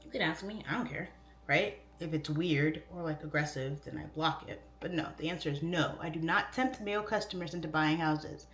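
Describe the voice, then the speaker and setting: A woman's voice: low-pitched, moderate pace, fairly bright tone, roomy sound. A woman in her thirties chatting casually on a livestream, reading comments aloud, goofy and easily distracted. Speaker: livestream host and real estate agent. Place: home.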